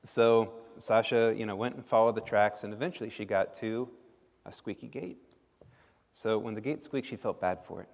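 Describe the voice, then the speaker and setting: Man, children's storyteller at service, low voice, roomy church echo. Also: fairly even intonation, brisk, few pauses. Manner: playful, asks the children questions. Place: church sanctuary. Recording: echoey hall.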